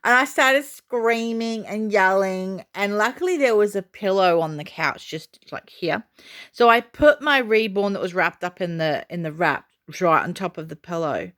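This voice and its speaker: A woman vlogger telling a story casually to camera, chatty and excitable with many fillers. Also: mid-range voice, normal speed. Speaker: doll collector vlogger.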